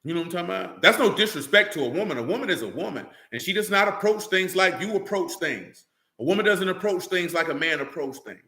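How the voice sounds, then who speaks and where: A man's voice: sits high, animated, fast talker, bright, forceful tone, reverberant. A man preaching a sermon in a blunt, colloquial way, full of rhetorical questions.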